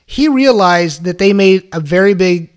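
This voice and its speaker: A male podcast host in casual chat, telling a story in an animated way, swearing freely and saying "like" a lot. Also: high-pitched, moderate pace, smooth. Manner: animated, profane, lots of "like".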